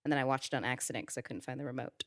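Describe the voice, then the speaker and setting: Low-voiced woman hosting a chatty podcast. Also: fairly even intonation, racing, dry recording, clean studio sound. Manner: chatty, laughs easily, curious asides. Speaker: podcast host. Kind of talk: casual podcast chat.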